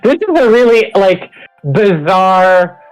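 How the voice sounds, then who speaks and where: A man's voice: high-pitched, lively intonation, slow, clean tone, lo-fi sound, soft background music. Playful man chatting over a remote call. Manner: playful, joking asides, frequent "like" and restarts. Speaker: co-host joining remotely. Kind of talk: casual livestream chat.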